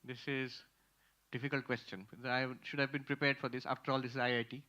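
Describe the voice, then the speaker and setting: Male monk lecturer, lively and emphatic, muffled lo-fi recording. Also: medium pitch. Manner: animated, emphatic, pauses to repeat key phrases. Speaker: monk teaching Vedanta. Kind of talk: spiritual lecture with audience Q&A. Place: lecture hall with audience.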